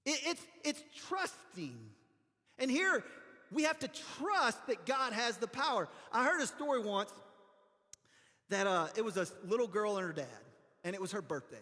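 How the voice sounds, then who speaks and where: High-voiced pastor preaching in a church hall. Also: male voice, big pitch swings, normal speed, pushed and bright. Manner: conversational storytelling, frequent restarts. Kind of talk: sermon.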